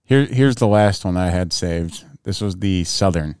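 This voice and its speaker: A man's voice: sits low, measured pace, darkish tone, smooth, no echo. A man co-hosting a podcast, chatting casually in a dry, questioning way. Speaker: podcast co-host. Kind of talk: casual chat.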